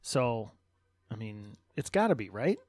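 A man's voice: fairly low pitch, very animated, unhurried, a little mellow, no room sound, studio quality. A man co-hosting a casual political talk show, speculating in a wry, conversational way. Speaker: podcast co-host.

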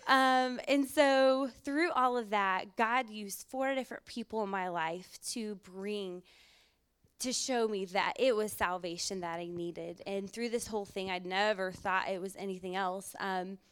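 Woman telling her church testimony, chatty storyteller, mid-pitched smooth clear voice. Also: steady tone, unhurried, fairly bright tone. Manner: conversational storytelling, acts out her own past thoughts. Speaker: retreat speaker giving testimony. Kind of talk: personal testimony.

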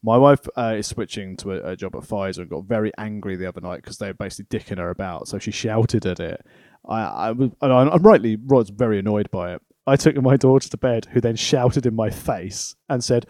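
A man's voice: on the low side, lively intonation, a little fast, darkish tone, dry recording, studio quality. A man co-hosting a podcast, telling funny stories about his daughter with lots of laughter and acted-out voices. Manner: laughing storyteller, acts out his daughter's lines. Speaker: podcast co-host. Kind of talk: casual comedic chat.

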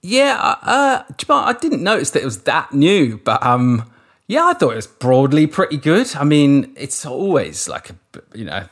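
A man's voice: a little high, huge pitch swings, moderate pace, a bit bright. Englishman, surf commentator guest, loose rambling chat with restarts and easy swearing. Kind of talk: casual interview chat.

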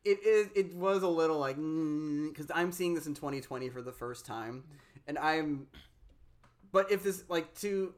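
A podcast co-host rambles through casual talk about a movie, starting and restarting sentences. The delivery is lively and animated. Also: mid-range voice, normal speed. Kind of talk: casual film discussion.

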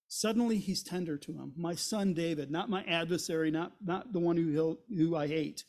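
A man's voice: fairly high pitch, moderate pace, few pauses, darkish tone. A man teaching through a Bible chapter as a pastor, retelling the story and paraphrasing the characters' words in everyday speech.

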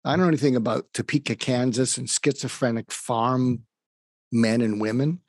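A man's voice: medium pitch, steady tone, normal speed, darkish tone, no room sound, studio quality. Earnest man telling a personal story. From suburb of Boston, USA. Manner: earnest, reflective, acts out quoted dialogue. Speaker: psychiatrist guest.

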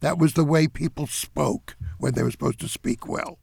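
An older man, a theater director, giving interview answers in an emphatic, animated way. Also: on the high side, moderate pace, vocal fry, husky, no echo, studio quality.

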